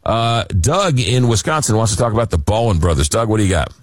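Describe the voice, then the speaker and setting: A man's voice: lowish voice, expressive, fairly quick, no echo, clean studio sound. A man from hosting a late-night call-in radio show, telling rambling, self-deprecating stories in a casual chat. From Long Island, New York. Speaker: radio talk show host. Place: radio studio.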